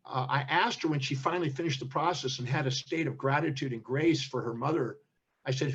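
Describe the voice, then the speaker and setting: An older man with a husky, somewhat high voice tells a story, acting out the voices of the people in it. The sound is muffled and lo-fi, like audio from a remote call. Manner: animated storyteller, acts out quoted speech. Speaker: interview guest, seminar teacher. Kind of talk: storytelling in an interview.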